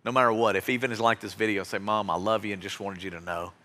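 A man's voice: fairly low pitch, steady tone, fast talker, sharp tone. A man preaching as pastor, giving an earnest, heartfelt exhortation to his congregation in a church. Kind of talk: sermon. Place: church sanctuary. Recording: long reverb of a large hall.

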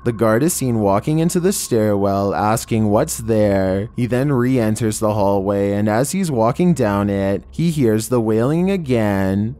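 A man narrating a scripted horror video countdown in a measured, ominous way, drawing out each entry title. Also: lowish voice, animated, dark tone, clear, resonant tone. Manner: measured, ominous delivery with slowed, drawn-out titles.

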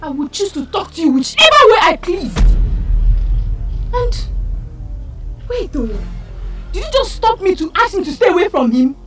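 A woman's voice: extremely high pitch, sing-song, moderate pace, long pauses. An actress with a Nigerian accent playing a bold young woman who chases a married man and mocks his wife. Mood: mocking. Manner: brazen, mocking. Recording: film scene with loud background music.

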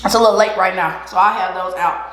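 A woman's voice: on the low side, fairly even intonation, quick pace. A woman chatting casually while eating on a mukbang vlog, laughing often and giving encouragement. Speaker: vlogger. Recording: echoey room.

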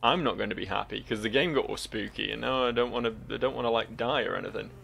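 Gravelly, sweary gamer. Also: male voice, mid-range voice, quick pace, fairly bright tone, a little hiss or hum. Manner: joking, sweary, laughing often. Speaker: let's play host. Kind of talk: gameplay commentary.

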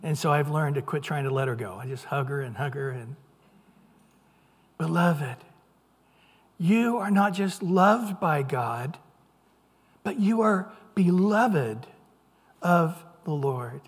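A man's voice: a little high, expressive, slow pace, pauses often, husky. A middle-aged man preaching a sermon as pastor, earnest and conversational, sometimes putting on playful voices. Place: church sanctuary. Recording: long hall reverb.

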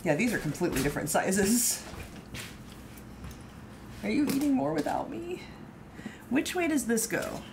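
A fairly high-pitched woman with a very lively, bouncing voice chats playfully as she bakes in her home kitchen. She reads the instructions aloud and jokes about them. The live-stream audio carries a clear layer of noise. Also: a little slow, pauses often. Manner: playful, joking, narrates the steps. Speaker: baking stream host. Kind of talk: casual chat while baking.

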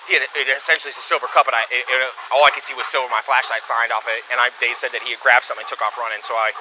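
Breathless deputy on bodycam. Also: male voice. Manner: shouts high praise at his dog. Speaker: police K9 handler. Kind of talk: bodycam field talk. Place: outdoors at night. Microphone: body camera. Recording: noisy body camera audio.

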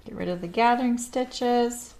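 A woman's voice: fairly high pitch, moderate pace, creaky, darkish tone. Chatty, laughing woman sewing streamer. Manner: chatty and rambling, laughs often. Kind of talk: casual chat while sewing on a live stream.

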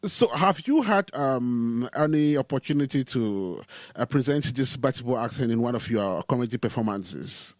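Man, radio host, low voice, lively melody, halting with fillers, dry sound. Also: dry recording. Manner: hesitant, many "uh" fillers between phrases. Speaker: radio show host, interviewer. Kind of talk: radio interview.

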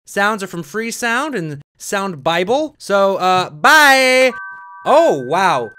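A young man commentating his play of a horror game, jumpy and yelling whenever he is startled. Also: high voice, sing-song, takes it slowly, a little hiss or hum. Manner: jumpy, shouting and screaming when startled. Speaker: gamer.

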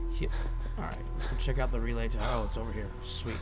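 Man, mid-pitched, for goofy self-talking gameplay commentary with mock outbursts, home desk mic. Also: fast talker, over music. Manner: goofy, talks to himself and game characters, mock outbursts. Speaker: let's play gamer. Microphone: headphones and desk mic.

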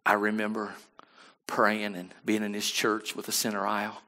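A man preaching a sermon as pastor, dropping to quiet asides and then rising to loud emphatic lines, often asking the congregation to agree. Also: completely flat delivery, moderate pace. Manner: swings from low murmurs to loud emphatic bursts.

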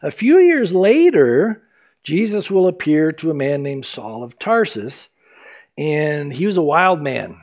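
A male pastor teaching a verse-by-verse sermon in a casual, conversational way, acting out the characters' lines in lively voices. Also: fairly high pitch, measured pace. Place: church sanctuary.

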